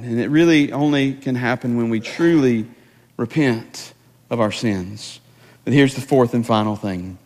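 A pastor delivers an emphatic sermon in a high, ringing voice. He stumbles over and repeats words as he presses each point home. His voice carries a long hall reverb from the church sanctuary.

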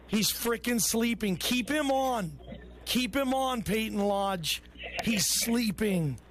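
A man hosts a sports call-in show with a strikingly high voice. He talks loose and chummy, riffing between calls. It has a radio broadcast sound. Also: expressive, slow pace, fairly bright tone, slight background noise. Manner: loose, chummy, calls callers bro and brother. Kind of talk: casual call-in radio talk.

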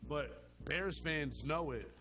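A man's voice: fairly high pitch, lively intonation, slow, sharp tone. A man hosting a sports talk show, arguing with emphatic, impassioned delivery and casual slang. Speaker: sports radio host.

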